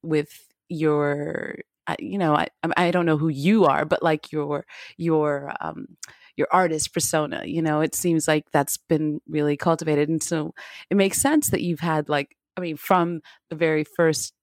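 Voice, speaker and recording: Female interview host; lowish voice, dry close sound; rambling, filler-heavy, quick to laugh. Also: fairly even intonation, no echo. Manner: halting, filler-heavy questions, laughs often. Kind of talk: casual interview conversation.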